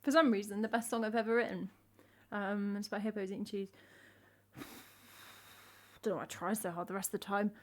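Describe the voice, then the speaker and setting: On her music livestream, a singer-songwriter from England in her thirties talks a little fast in a steady, medium-pitched voice. She rambles casually to viewers and teases herself, her English accent dropping its T's.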